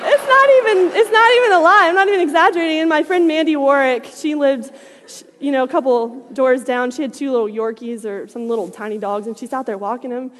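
A young adult woman telling a lively personal story, laughing often and swinging between loud bursts and hushed asides. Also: high voice, a little fast, long reverb tail.

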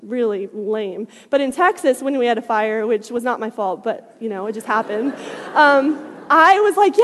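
A young woman with a high voice tells an animated personal story, laughing often and swinging between loud bursts and hushed asides. Her voice carries a long, trailing reverb. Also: slight background noise.

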